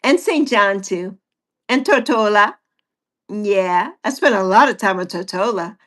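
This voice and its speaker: A woman's voice: medium pitch, expressive, a little slow, a bit bright. A woman in her sixties hosting a casual livestream chat with viewers, playful and teasing. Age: 60s. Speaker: livestream host.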